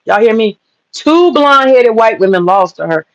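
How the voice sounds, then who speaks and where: A man's voice: sits high, lively intonation, moderate pace, fairly bright tone, muffled recording. A man telling a story in a casual monologue, emphatic and profane, repeating lines for punch. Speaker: storyteller recounting political campaign work.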